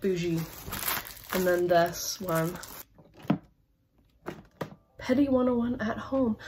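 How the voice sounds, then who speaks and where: A woman's voice: on the low side, slow, pauses often, a little mellow, soft background music. A 21-year-old woman chatting in an unboxing vlog, gushing and rambling with constant "like" and "literally.". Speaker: campus brand rep.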